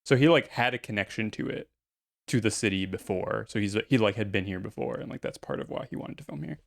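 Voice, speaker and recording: Low, gravelly, hesitant man. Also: quick pace, no room sound. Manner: hesitant, lots of fillers and restarts. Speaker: podcast co-host. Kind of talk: casual podcast chat.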